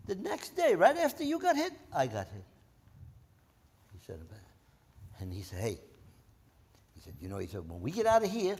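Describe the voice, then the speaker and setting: Older veteran storyteller, animated pitch, restarts a lot, echo of a large hall. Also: male voice, moderate pace. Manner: animated, acts out voices in anecdotes; frequent repeated starts. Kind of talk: oral history storytelling. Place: presidential library, indoors. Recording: reverberant hall.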